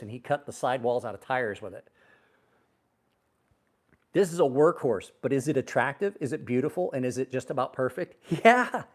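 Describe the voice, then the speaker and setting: A middle-aged man talks casually on a livestream about knives. His voice sits at an ordinary middle pitch. He is blunt and swears freely, and he gets animated as he tells his stories. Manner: blunt, profane storyteller, animated. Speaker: knife channel host on a livestream.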